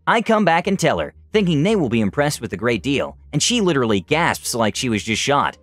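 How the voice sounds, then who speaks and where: A man tells a first-person story with a lively, swooping pitch and a sarcastic edge in his asides. The sound is dry and close, and faint music plays underneath. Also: brisk, hardly any pauses, no room sound.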